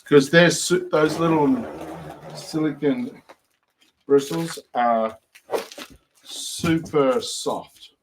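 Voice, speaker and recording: A man's voice: fairly high pitch, extremely slow, long pauses, background noise. A man hosting a live shopping show, walking through each product's features step by step. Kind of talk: product demonstration.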